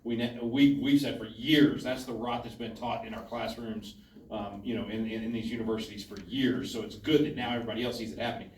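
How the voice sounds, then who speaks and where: A man's voice: on the low side, fairly even intonation, fairly quick. A man at a town hall, earnestly giving his view in a political discussion. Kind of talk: political commentary to an audience. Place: town hall meeting room. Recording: echoey hall from a distance.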